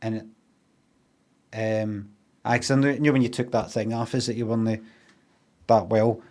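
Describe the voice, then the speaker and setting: A man's voice: lowish voice, level tone, measured pace, darkish tone. A Glaswegian man casually telling a rambling, sweary story, acting out what people said in changed voices. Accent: Glaswegian Scottish. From Scotland.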